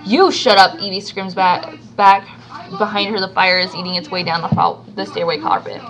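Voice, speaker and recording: Bright-voiced woman reading a novel aloud. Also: fairly low pitch, level tone, normal speed, soft background music, rough recording. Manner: stumbles and restarts on words. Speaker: amateur reader.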